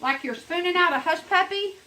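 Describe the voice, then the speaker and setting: A woman's voice: extremely high pitch, fairly quick, bright, forceful tone, slight background noise, low-quality recording. A woman chatting her way through a home cooking demonstration, rambling and talking straight to her viewers in her kitchen.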